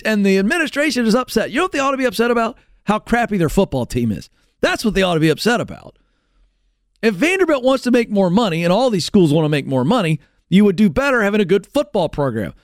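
A man's voice: sing-song, quick pace, no echo, clean studio sound. Sarcastic, ranting male radio host. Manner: sarcastic and ranting, big swings in pitch. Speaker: talk show host. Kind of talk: sarcastic opinion monologue. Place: radio studio.

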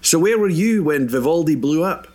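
Man, tabletop player, husky voice, blunt, suspicious questions. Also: a little high, expressive, moderate pace, a little mellow. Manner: blunt, questioning, swears casually. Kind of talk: in-character tabletop play.

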